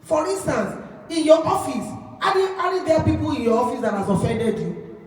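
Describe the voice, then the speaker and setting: A woman who is a pastor, teaching in a sermon and laying out her points one by one in a measured way. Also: sits high, animated. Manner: measured, lists points plainly. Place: church hall. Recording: echoey church hall from far off.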